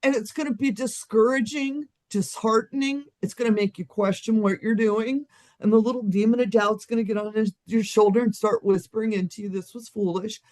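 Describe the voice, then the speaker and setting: Blunt co-host, emphatic, swears freely, mid-pitched voice. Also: steady tone, fairly quick, darkish tone. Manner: blunt, emphatic, earthy and profane. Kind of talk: live-streamed spiritual discussion.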